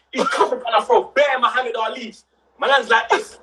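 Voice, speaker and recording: A young man, telling a story on a casual livestream with rising excitement and shouts. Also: very high-pitched, a little fast, noisy background. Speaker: livestream co-host.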